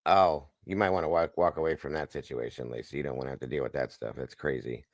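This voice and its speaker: A man with a low voice hosts a casual live stream. He greets viewers one by one and plugs their channels in a jokey, upbeat way. The sound is dry and close to the mic. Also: steady tone, fast talker, no echo. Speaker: livestream host.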